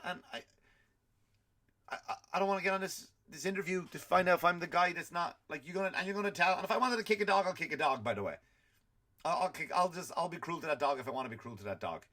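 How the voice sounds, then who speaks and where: A man's voice: on the high side, bright, forceful tone. Profane ranting comedy podcast man. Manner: profane, exasperated ranting with acted-out quotes. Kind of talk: comic rant.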